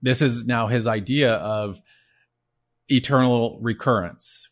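A man's voice: medium pitch, slow. A man hosting his own show, explaining philosophy in an earnest solo talk, often repeating words as he gathers his thoughts. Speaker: show host.

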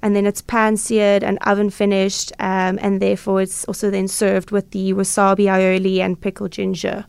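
A woman's voice: medium pitch, completely flat delivery, normal speed, gravelly, few pauses, darkish tone, clear, resonant tone, no room sound. A woman guest on a radio interview, describing restaurant dishes in a hesitant, informal way with many fillers. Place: radio studio.

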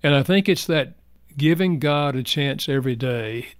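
An older man, a guest author, telling personal stories in an earnest, heartfelt way, going soft in emotional moments. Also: mid-range voice, normal speed, dry recording. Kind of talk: reflective personal storytelling.

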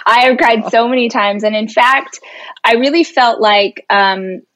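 A woman in her thirties, a guest speaker talking in an animated, expressive way during a casual interview. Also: on the high side, measured pace, no echo. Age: 30s. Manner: animated and expressive, laughs easily.

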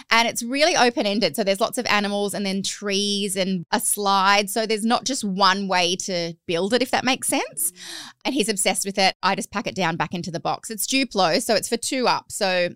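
A woman's voice: mid-range voice, fairly bright tone, smooth, dry recording, studio quality. A young adult woman, co-hosting a podcast in casual chat and telling stories with gusto. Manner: chatty and quick to joke, tells stories with gusto. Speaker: podcast co-host.

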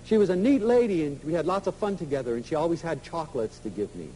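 Animated, high-voiced man lecturing. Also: quick pace, a little hiss or hum, poor audio. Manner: emotional, storytelling, swings from loud to soft. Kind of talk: inspirational lecture to an audience.

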